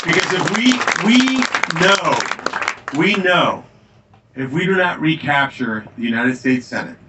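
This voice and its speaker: A man giving a campaign stump speech in a tavern, telling anecdotes in an emphatic, energetic way. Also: a little high, unhurried, recorded from a distance, a loud crowd, very noisy. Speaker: political candidate. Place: tavern, indoors.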